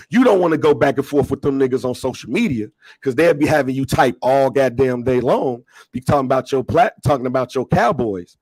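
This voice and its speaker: A man co-hosting a podcast in heated casual banter, loud and teasing, repeating himself insistently. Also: mid-range voice, breathy edge, no echo. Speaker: podcast co-host.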